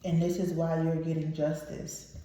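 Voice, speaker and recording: A woman's voice: sits low, completely flat delivery, normal speed, warm tone. A woman giving a casual tarot reading to her viewers, emotional and blunt, swearing freely. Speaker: tarot reader. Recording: very echoey room.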